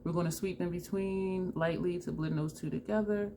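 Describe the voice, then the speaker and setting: A woman vlogger chatting excitedly and laughing often as she talks viewers through a makeup tutorial. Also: lowish voice, moderate pace, slight background noise. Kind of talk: casual makeup tutorial chat.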